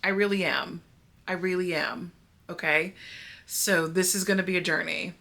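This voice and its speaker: A woman chatting casually to the camera at home, animated and playfully dramatic, talking to her viewers. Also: lowish voice, normal speed, gravelly. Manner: animated, self-mocking and dramatic. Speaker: book vlogger. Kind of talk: casual vlog chat. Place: at home, indoors. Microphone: camera mic.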